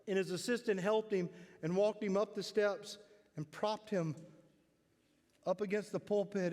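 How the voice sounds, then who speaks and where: A man's voice: high-pitched, a little mellow, long reverb tail. A man preaching a sermon in a church, telling a story with drama and building to emphatic declarations. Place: church sanctuary.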